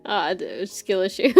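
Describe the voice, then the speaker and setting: A woman's voice: mid-range voice, mellow. A young woman in casual chat, mostly reacting with short interjections and laughs.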